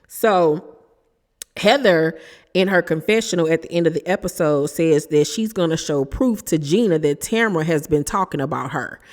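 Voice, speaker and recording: A woman's voice: deep voice, moderate pace, darkish tone, long reverb tail. A woman hosting a casual, opinionated recap of a reality show, talking in a chatty, emphatic way with sassy asides.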